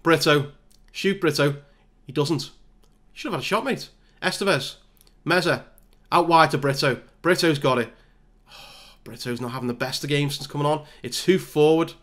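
A man's voice: fairly high pitch, moderate pace, a bit bright. A man giving casual, self-mocking play-by-play commentary over a football management game. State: out of breath. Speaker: gaming YouTuber.

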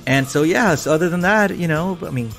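A man's voice: a little high, a little fast, vocal fry, soft background music. A man co-hosting a casual podcast, rambling with many restarts and profanity. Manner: rambling, repeats words, animated. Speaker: podcast co-host.

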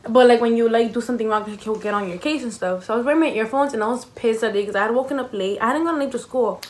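A woman with a somewhat high voice chats as a guest on a vlog. She tells her story casually and quickly, leaning on a constant stream of fillers. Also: darkish tone. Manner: chatty, filler-heavy, quick.

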